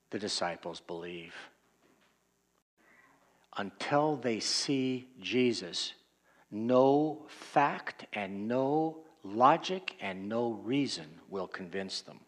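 Man preaching, slow unhurried delivery, conversational, reflective, sermon. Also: mid-range voice. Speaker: pastor. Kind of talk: expository sermon.

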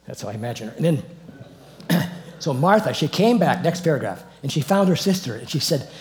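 Middle-aged male Bible teacher, lively and informal, quick to laugh at his own asides. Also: medium pitch. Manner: animated, chuckling, reads verses then comments.

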